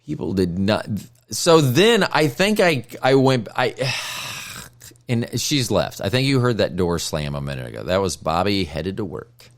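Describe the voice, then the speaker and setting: A man hosting his own podcast, talking straight to the listener in a blunt, sardonic monologue. His voice sits fairly low but rises and falls widely as he tells his stories. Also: measured pace. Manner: blunt, sardonic, lively storytelling. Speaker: podcast host. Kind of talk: casual solo monologue.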